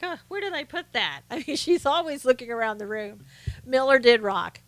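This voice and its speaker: A woman's voice: a little high, fairly bright tone, dry recording. A woman from the South, hosting a casual live stream, chatting to viewers and often laughing. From American South. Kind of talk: casual political chat reading viewer comments.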